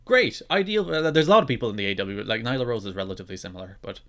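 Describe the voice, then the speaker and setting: A man's voice: lowish voice, lively intonation, rapid-fire, a bit bright. A man co-hosting a casual wrestling podcast, wry and opinionated. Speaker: podcast co-host.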